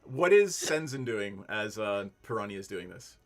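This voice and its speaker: A man's voice: lowish voice, lively intonation, normal speed. A man narrating as dungeon master in a casual tabletop game, laid-back and swearing now and then.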